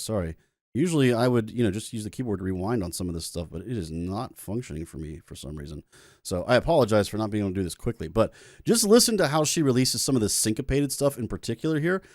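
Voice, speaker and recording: A man's voice: fairly low pitch, darkish tone, no echo, studio quality. Enthusiastic man breaking down vocal technique. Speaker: music teacher reacting to a song. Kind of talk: casual reaction commentary.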